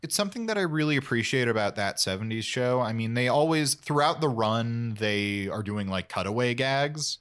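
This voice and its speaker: A man's voice: mid-range voice, lively intonation, moderate pace, hardly any pauses, a bit bright, smooth. A man co-hosting a podcast, chatting casually and enthusiastically, rambling with fillers. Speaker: podcast co-host. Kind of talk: casual chat.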